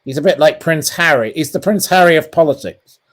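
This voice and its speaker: A man's voice: fairly high pitch, a little fast. A man with a British English accent, a journalist giving blunt, scathing opinions in an interview, with many ums and restarts. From England. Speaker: journalist guest. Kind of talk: interview over a call.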